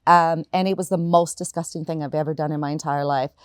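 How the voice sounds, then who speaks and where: Brief: woman host, lowish voice, dry close mic, casual chatty interviewer. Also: steady tone, clear, resonant tone, dry recording. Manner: chatty, with frequent quick agreements.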